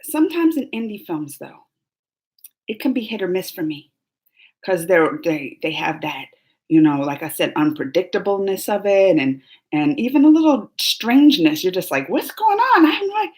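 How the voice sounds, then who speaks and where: A woman hosting a live movie chat, talking in a rambling, animated way with lots of fillers and laughs. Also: on the low side, normal speed. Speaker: host of a movie reaction livestream. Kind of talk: casual livestream chat.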